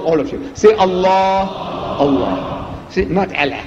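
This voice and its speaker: A man giving an emphatic public lecture, asking rhetorical questions with a lively, teasing delivery, heard on an archive recording. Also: sits high, unhurried. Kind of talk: public lecture played in a reaction video. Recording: echoey hall, dull lo-fi archive recording.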